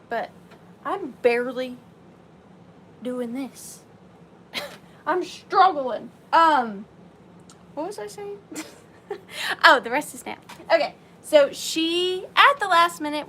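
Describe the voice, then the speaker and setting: A woman with a Southern US accent runs a casual live-stream sale from home, talking in an unhurried way in a slightly high voice. She is bubbly and chatty and greets her viewers by name. A faint room noise sits under her camera-mic sound. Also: bright, forceful tone.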